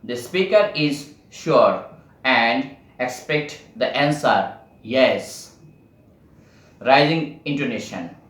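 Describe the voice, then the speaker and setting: Male lecturer, slow and halting, reading notes with frequent restarts, echoey room. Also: mid-range voice, expressive, a bit bright, distant mic. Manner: halting, many restarts and pauses.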